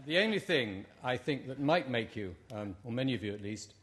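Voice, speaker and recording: A British man argues his side in a formal debate, his voice sitting at an ordinary middle pitch. He speaks with dry wit and stops often for ums and uhs as he finds his words. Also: lively intonation, a little fast, background noise. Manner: wry, hesitant with many ums and uhs.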